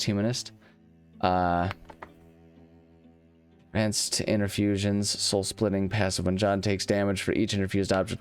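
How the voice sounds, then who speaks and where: A very low-voiced man talks casually through a video game, rambling and restarting as he thinks aloud. He is self-deprecating about his own choices, and faint guitar music plays underneath. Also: a little mellow, smooth. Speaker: let's-play host. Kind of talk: casual gameplay commentary.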